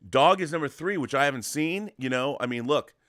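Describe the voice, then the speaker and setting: A man's voice: on the high side, expressive, a little fast, a bit bright, dry recording, clean studio sound. A man co-hosting a weekly talk show in casual chat, enthusiastic and rambling, with many restarts. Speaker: co-host of a weekly show about physical media. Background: dog at his feet.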